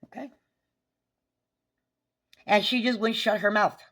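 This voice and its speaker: A woman's voice: medium pitch, steady tone, slow pace, fairly bright tone, husky. A woman, recounting a neighbor dispute in an agitated, profane, repetitive rant. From New Mexico. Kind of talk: angry recounting vlog.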